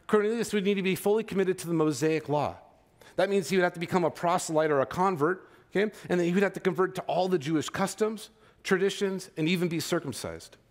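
A man in his thirties preaching a sermon as pastor, in a casual, conversational way that keeps checking in with his listeners. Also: sits high. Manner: conversational, checks in with "okay?" and "right?".

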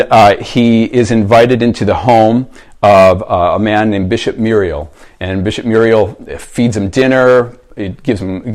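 A male pastor with a fairly low voice preaches a sermon. He talks in a relaxed, conversational way, like someone telling a story. He often pauses to ask his listeners questions to reflect on.

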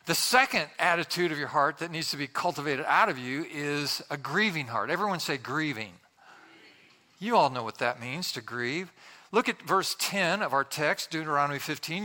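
A man's voice: a little high, animated, normal speed, pushed and bright. A man preaching a humorous, conversational sermon to a congregation, acting out little quotes as he tells his stories. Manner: jokey, conversational storytelling with acted-out quotes. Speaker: pastor. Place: church with congregation.

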